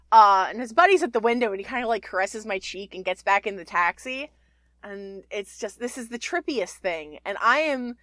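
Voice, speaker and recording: A young woman spins a personal story for her podcast, chatty and loose, with swearing and side-tracks. Her voice sits a little high, and it is recorded close and dry. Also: fairly bright tone, dry recording. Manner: chatty and profane, with rambling asides. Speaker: podcast host.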